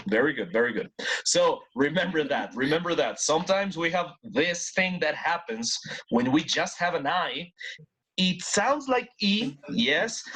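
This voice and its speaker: There's a slight hiss or hum behind this encouraging male English teacher, whose voice runs a little high and a bit bright. During his online class he switches between English and his first language, Spanish, repeating words for drills.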